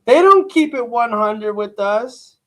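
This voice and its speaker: A man's voice: very high voice, expressive, slow pace, fairly bright tone. A man hosting a live stream, talking casually and bluntly to his chat in rambling, profane rants. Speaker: livestream host reacting to news.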